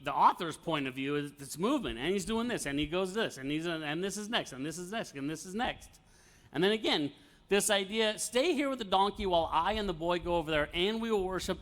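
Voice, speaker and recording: A man's voice: fairly high pitch, a bit bright. A man teaching an informal Bible study, talking conversationally with fillers and light laughs.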